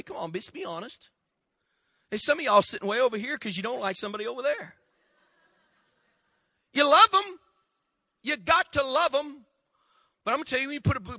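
A pastor preaching a sermon, telling folksy stories and calling on the congregation to answer back. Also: male voice, sits high, sharp tone, dry recording.

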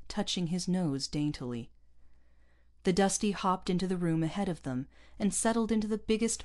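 A woman narrating an audiobook in an even, measured storytelling way. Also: lowish voice.

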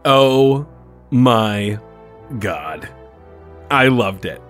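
A man's voice: mid-range voice, expressive, very slow, soft background music. A man co-hosting a podcast in casual chat, playful and self-mocking, rambling through jokes. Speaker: podcast co-host.

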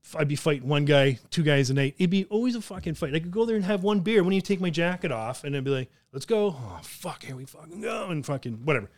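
Hardly pausing, this man talks quickly in a fairly high voice, a podcast host from southern Ontario, Canada, telling profane stories with plenty of laughter. It's casual, animated storytelling on a dry recording.

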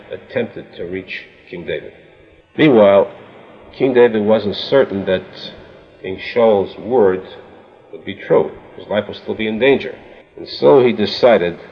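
Male Torah teacher with a low voice, measured storytelling, dull lo-fi recording. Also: long reverb tail. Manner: measured retelling that voices the quoted speakers. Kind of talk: storytelling lesson.

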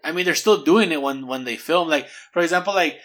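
A man's voice: a little high, a little fast, fairly bright tone. A man co-hosting a casual chat show, rambling with many fillers as he retells what he watched. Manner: rambling, filler-heavy, laughing storyteller. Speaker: podcast co-host.

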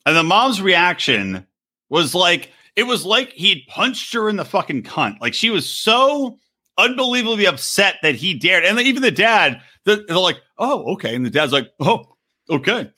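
Animated, bright-voiced man ranting. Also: high-pitched, normal speed. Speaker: podcast co-host. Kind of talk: casual chat.

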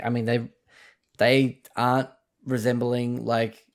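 Male co-host, casual gaming banter, crude and excitable, gravelly tone. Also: medium pitch, a little fast. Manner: animated and profane, swears freely. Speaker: podcast co-host. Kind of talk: casual chat about video games.

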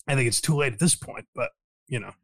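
A man's voice: mid-range voice, lively intonation, fast, gravelly, a bit bright. A man hosting a casual podcast, talking in a wry, sarcastic way. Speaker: podcast host.

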